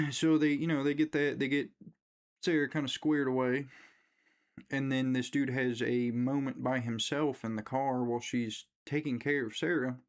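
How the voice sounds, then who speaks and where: A man's voice: medium pitch, steady tone, moderate pace. A young man giving a rambling, profane casual rant recapping a horror movie, briefly mimicking characters as he goes. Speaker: movie reviewer.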